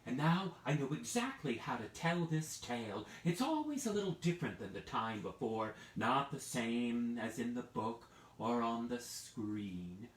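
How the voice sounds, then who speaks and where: A man's voice: medium pitch, a little slow, few pauses. A man telling a children's story live online, playful, and prompting listeners to act along. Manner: playful, lively, addresses listeners with hand-play prompts. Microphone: video call. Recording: roomy, distant from the mic.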